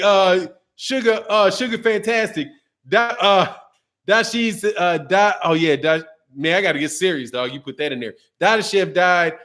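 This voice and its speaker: A man who hosts a boxing channel chats casually on a livestream while reading super chats. His voice is high with a fairly bright tone, and he uses slang, laughs often and rambles.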